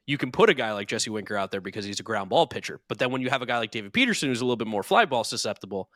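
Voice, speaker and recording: Bright, fast-talking male podcaster. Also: medium pitch, lively intonation, dry recording, studio quality. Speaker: podcast co-host. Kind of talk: casual chat.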